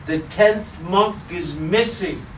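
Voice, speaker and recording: A man's voice: sits high, slow pace, fairly bright tone, slight background noise, voice pushed up. A man doing a fretful head monk. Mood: distraught. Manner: anxious, counting aloud. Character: worried leader of ten monks, fretful man. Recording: roomy echo, distant mic.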